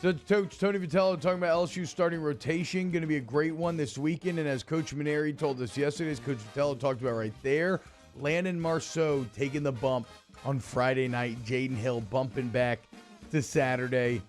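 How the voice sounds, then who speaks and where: A man hosting sports talk radio, chatty and energetic, with loose casual banter. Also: on the high side, fairly quick, faint music behind.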